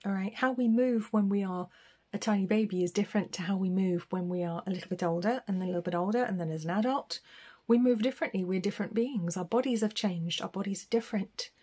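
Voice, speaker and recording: A woman's voice: medium pitch, fast, dark tone, husky. A middle-aged woman doing a tarot reading in a chatty, rambling way, with frequent laughs. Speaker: tarot reader. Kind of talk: casual spoken reading.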